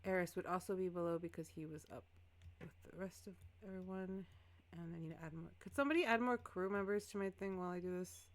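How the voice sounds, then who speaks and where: A woman's voice: lowish voice, quick pace, a little hiss or hum. A woman game master narrating a tabletop game in a casual, descriptive way.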